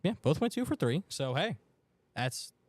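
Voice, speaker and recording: A man co-hosting a sports betting podcast in a radio studio, chatting casually and excitably. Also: on the high side, normal speed, no room sound. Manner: excitable, chatty, loud outbursts for his team. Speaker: podcast co-host. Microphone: studio mic.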